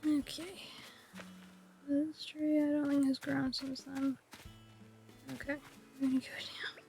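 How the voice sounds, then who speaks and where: A high-voiced woman whispers raspy, low-key chatter while streaming a game, in a fairly level tone. Her playful, mock-grand musings stay hushed throughout. Soft guitar music plays faintly behind her. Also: level tone, slow pace. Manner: whispering softly. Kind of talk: casual gameplay chat.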